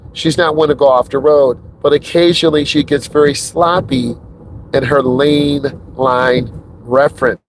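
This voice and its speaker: A man's voice: on the high side, a little hiss or hum. A middle-aged man, a driving instructor, talking casually and emphatically while driving a car. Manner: emphatic and repetitive, chatty. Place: inside a car.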